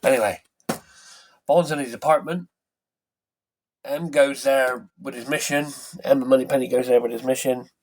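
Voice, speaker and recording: A man's voice: medium pitch, fairly even intonation, normal speed, long pauses, darkish tone. A man casually retelling a film's plot from memory, rambling and correcting himself as he goes. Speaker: film reviewer. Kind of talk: casual film recap.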